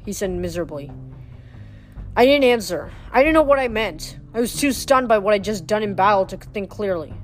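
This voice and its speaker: A woman's voice: medium pitch, lively intonation, fairly quick. Female reader, mid-range voice, reads a novel aloud, trips over words, faint music behind. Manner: often stumbles and restarts words.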